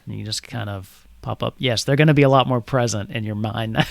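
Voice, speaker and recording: A man's voice: medium pitch, huge pitch swings, normal speed, gravelly, dry recording, clean studio sound. A man narrating as game master of a tabletop game, loose and full of fillers.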